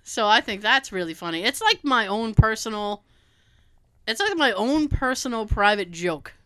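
A woman's voice: fairly high pitch, moderate pace, background noise. A woman co-hosting a podcast in casual chat, telling stories with plenty of swearing and acting out what other people said. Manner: animated storyteller, swears freely, acts out quoted dialogue. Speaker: podcast co-host.

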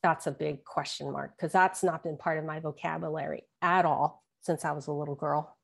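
A woman in her forties telling an earnest, halting personal story as an interview guest. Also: low-pitched, fairly even intonation, gravelly, breathy edge. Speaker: guest, author and podcaster.

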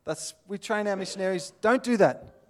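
A man's voice: high voice, normal speed. An Australian man giving an earnest, plainspoken sermon, with little acted-out scenes. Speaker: pastor.

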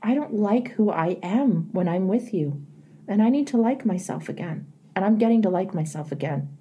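A woman's voice: mid-range voice, animated, normal speed, warm tone, slightly rough, highs cut off. A middle-aged woman hosting an advice show, earnestly coaching a caller in a plainspoken, emphatic way.

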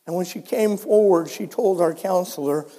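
A man's voice: high-pitched, moderate pace. Older male preacher in a reverberant church. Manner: storytelling preacher, swings from soft to loud. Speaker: pastor. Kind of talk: sermon. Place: church sanctuary.

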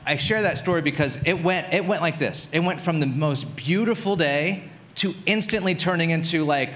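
A man in his thirties preaching a sermon as a pastor, telling a story in a relaxed, conversational way with lots of "like"s. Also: fairly high pitch, moderate pace, hardly any pauses.

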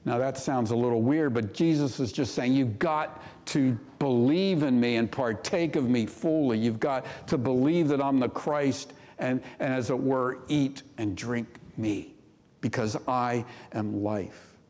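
A man preaching a sermon as pastor, reading scripture aloud with rising emphasis and dropping to a hush for key points. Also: mid-range voice, a little slow, long reverb tail.

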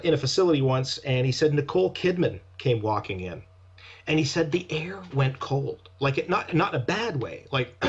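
Male actor guest in a casual interview, mid-pitched and meandering, with a dull lo-fi recording. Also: husky. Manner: rambling, trailing off and restarting mid-thought. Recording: dull lo-fi sound.

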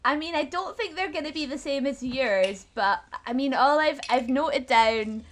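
A woman's voice: sits high, normal speed. A woman co-hosting a casual chat about a TV show, playful and giggly, with lots of fillers and hesitations. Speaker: podcast co-host.

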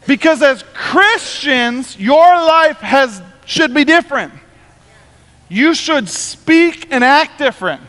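A man preaching a sermon as pastor, talking in an animated, conversational way. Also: very high voice, slow pace, long reverb tail.

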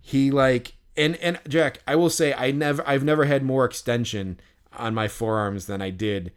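Man with a smooth, resonant voice. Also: medium pitch, normal speed. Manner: animated, rambling, frequent fillers and casual swearing. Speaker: podcast co-host. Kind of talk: casual storytelling chat.

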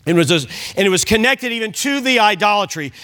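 A man's voice: high voice, expressive, brisk, pushed and bright. A man preaching an evening sermon in church, reading scripture aloud and explaining it with frequent check-ins to the congregation. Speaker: pastor.

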